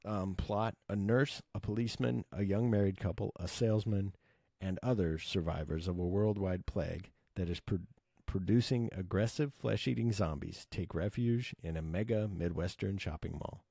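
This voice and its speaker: A man's voice: sits low, moderate pace, creaky, dark tone, breathy edge, dry recording, studio quality. A man chatting casually about movies, rambling and enthusiastic, with lots of fillers and swearing. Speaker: movie podcast host.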